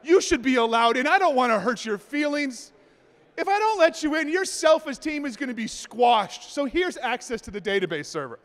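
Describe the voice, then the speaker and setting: A male speaker delivers a conference talk, joking and acting out anecdotes with plenty of energy. His voice sits unusually high for a man. A long reverb from the hall trails after his words. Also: normal speed. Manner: animated, joking storyteller. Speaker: conference presenter.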